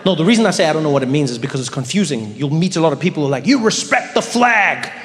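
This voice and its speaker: Animated man doing stand-up on stage. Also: a little high, very fast, background noise. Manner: animated storytelling, addressing the audience. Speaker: stand-up comedian. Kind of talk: stand-up comedy. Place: comedy stage in a large hall. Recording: large hall with live audience.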